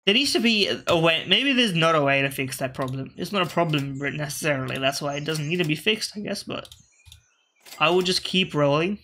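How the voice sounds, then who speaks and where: Bright-voiced man musing over a game. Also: fairly high pitch, expressive, a little fast. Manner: rambling, self-correcting, talks to his game pieces. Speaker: gaming video host. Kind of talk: casual gameplay commentary.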